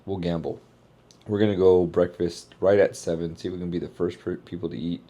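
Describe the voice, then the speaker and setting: A man, a keynote speaker, chatting casually in a travel vlog and thinking out loud in a rambling way. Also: low-pitched, steady tone, brisk, highs cut off.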